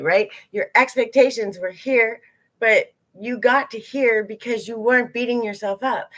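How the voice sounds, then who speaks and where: A woman teaching a live group in a lively, candid way, acting out her own inner voices. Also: mid-range voice. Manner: animated, acts out inner voices.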